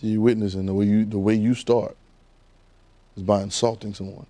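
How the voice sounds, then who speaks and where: A man preaching a conversational sermon, animated and repetitive, firing rhetorical questions at his congregation. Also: on the low side, moderate pace.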